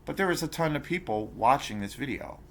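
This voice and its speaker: A man's voice: medium pitch, animated, fairly quick, gravelly, a bit bright, slight background noise. A man hosting his own channel, telling an indignant story in a rambling, profane way, full of fillers and restarts. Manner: indignant, outraged. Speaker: channel host ranting to camera. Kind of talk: casual rant vlog.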